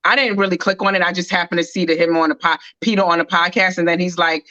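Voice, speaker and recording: A woman co-hosting a casual gossip chat with a bright, forward voice. She rambles and passes judgment, stacking filler words. The sound is dry and close. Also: on the low side, fairly even intonation, fast, hardly any pauses, no echo, lo-fi sound. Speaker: co-host.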